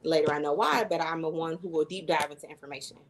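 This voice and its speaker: A woman's voice: sits low, fast, slight background noise, poor audio. A woman in her thirties, a guest coach, earnestly telling her personal story in an interview, with fillers and little self-quotes. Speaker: guest, human design coach and astrologer.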